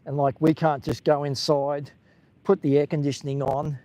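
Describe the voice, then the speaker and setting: A man's voice: fairly high pitch, little pitch movement, moderate pace, mellow. A chatty Australian man streams live as he strolls along a beach, his voice sitting a touch above the usual male range. He rambles loosely and answers viewers as he walks, the sound picked up on a handheld phone outdoors. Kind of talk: casual live-stream walking commentary.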